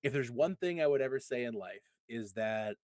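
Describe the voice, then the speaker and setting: A man in his thirties speaks on a live stream with earnest, halting warmth, often restarting his sentences. His voice sits at a middling pitch. The sound is dry and close to the mic. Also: animated, dry recording. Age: 30s. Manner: halting, repeats words, earnest and heartfelt. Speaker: community advocate guest. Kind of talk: casual podcast chat, personal storytelling.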